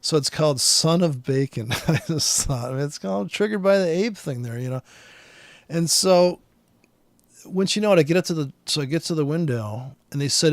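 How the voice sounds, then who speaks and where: A man's voice: on the high side, moderate pace, no room sound. A man in a rambling, profane vlog rant, angry and restless, full of fillers. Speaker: vlogger.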